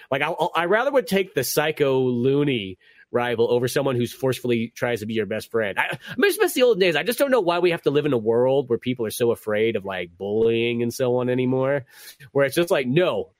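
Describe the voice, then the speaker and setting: A man's voice: medium pitch, dry recording, studio quality. A man hosting a casual podcast chat, rambling and swearing heavily. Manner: rambling, heavy swearing, animated. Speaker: podcast host.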